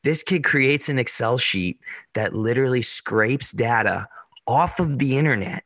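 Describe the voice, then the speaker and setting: A man's voice: mid-range voice, expressive, unhurried, fairly bright tone, dry recording. A man, a podcast guest, telling a story in a casual, chatty way and swearing now and then. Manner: chatty, swears casually, quotes people in the stories. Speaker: podcast guest, real estate investor.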